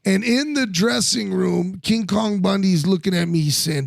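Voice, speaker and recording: High, gravelly man telling wild stories. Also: moderate pace, hardly any pauses, no room sound, studio quality. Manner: animated, profane, many restarts. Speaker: podcast co-host, former wrestler. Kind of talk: casual storytelling chat.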